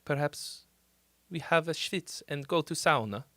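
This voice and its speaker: A man putting on a gentle mock Finnish accent to imitate a friendly Finn inviting someone to the sauna. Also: on the high side, unhurried, no echo. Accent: Finnish, put on.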